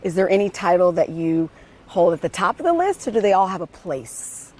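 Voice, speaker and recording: A woman from the US Midwest interviewing a guest, chatty and enthusiastic, quick to react. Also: on the low side, big pitch swings, darkish tone. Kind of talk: friendly interview chat.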